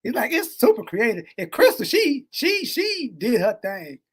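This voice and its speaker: A man co-hosting a podcast in casual chat, animated and slangy, swinging between loud and soft. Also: extremely high pitch, normal speed, husky. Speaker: podcast co-host. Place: Texas.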